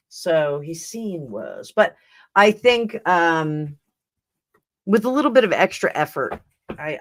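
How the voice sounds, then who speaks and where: In a fairly low voice with a fairly bright tone, a tarot reader chats loosely on her live stream. She rambles, laughs frequently, and restarts her sentences often.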